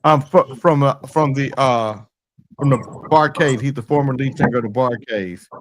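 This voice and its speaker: A man's voice: medium pitch, moderate pace, slight background noise, poor audio. A man hosting a casual morning show, teasing his co-host with short, dry replies.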